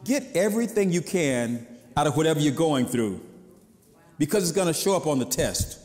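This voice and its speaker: Man, pastor, sermon, conversational preaching, slightly high voice, long church reverb. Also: sing-song, normal speed, a little mellow.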